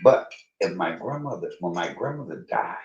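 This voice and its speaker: Guy livestreaming from his kitchen, real low voice but jumps all over the place when he gets going, roomy dull sound. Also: moderate pace, creaky. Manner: chatty, swings into high excited bursts, talks to viewers as y'all. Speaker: livestream host cooking. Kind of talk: casual livestream cooking chat. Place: home kitchen.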